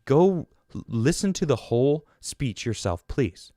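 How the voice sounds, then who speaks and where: A man's voice: mid-range voice, very animated, a little slow, mellow, no room sound, clean studio sound. A man hosting his own show, giving an indignant, rambling political monologue full of restarts. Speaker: show host.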